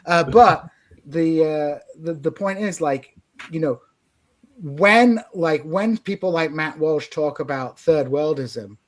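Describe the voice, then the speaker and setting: A man hosting a casual political discussion podcast, talking in animated, opinionated bursts. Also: on the high side, slow. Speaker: podcast host.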